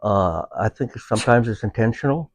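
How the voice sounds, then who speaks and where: A veteran guest with a service dog talks casually in a low voice, relaxed and halting, often pausing with fillers as he searches for words in no hurry. The recording is dry and close with no room echo, and the highs are cut off.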